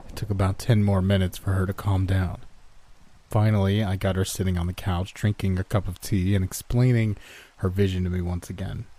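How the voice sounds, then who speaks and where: A man calmly narrating a horror story in a measured first-person telling. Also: sits low, slight background noise.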